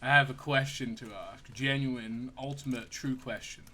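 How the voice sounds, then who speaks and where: A man's voice: mid-range voice, steady tone, moderate pace, bright, forceful tone. A man streaming a game, chatting casually, joking, swearing and laughing often. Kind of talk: casual gaming commentary.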